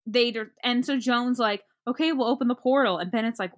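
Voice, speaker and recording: Rambling woman recapping a film. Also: a little high. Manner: rambling, halting, with many fillers. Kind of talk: casual movie review chat.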